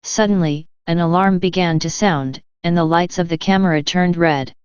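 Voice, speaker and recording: A woman narrating a first-person story in an even, measured reading style. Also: on the low side, smooth, no echo. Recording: dull lo-fi sound.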